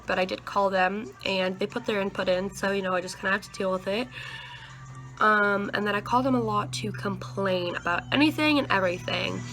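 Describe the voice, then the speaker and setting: A woman's voice: medium pitch, bright, forceful tone, poor audio. A nineteen-year-old woman vlogging in a chatty, rambling way, full of fillers. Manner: chatty, rambling, with many likes and you-knows. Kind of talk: casual vlog chat.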